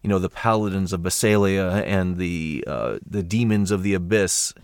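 A man's voice: low voice, normal speed, a little mellow, clean tone, dry recording, studio quality. An American man talking in casual podcast chat as an audiobook narrator guest, rambling along with plenty of fillers and restarts.

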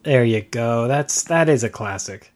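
A man's voice: mid-range voice, a little slow. A man co-hosting a casual podcast chat who talks with eager enthusiasm. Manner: enthusiastic, excitable. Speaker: podcast co-host.

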